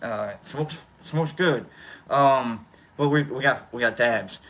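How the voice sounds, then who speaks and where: A man hosting a casual chat show, talking in a rambling, halting way full of fillers and restarts. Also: mid-range voice, a bit bright. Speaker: host. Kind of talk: casual chat while smoking.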